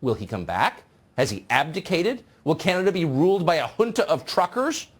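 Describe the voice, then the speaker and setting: A man hosting a television news show, delivering a sarcastic, mocking opinion monologue in a husky voice. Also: fairly high pitch, very animated, normal speed.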